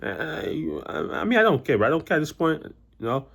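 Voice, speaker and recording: Fast-talking young man rambling on. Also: on the high side, sing-song, creaky, fairly bright tone, husky. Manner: rambling, many restarts and "you know" fillers. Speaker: vlogger. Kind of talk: casual personal storytelling to camera.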